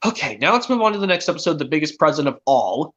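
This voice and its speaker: A man's voice: on the high side, sing-song, fast talker, a bit bright, dull audio. A teenage boy streaming a casual chat, rambling with many restarts as he retells cartoon scenes. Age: teens. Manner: rambling, restarts often, quotes characters.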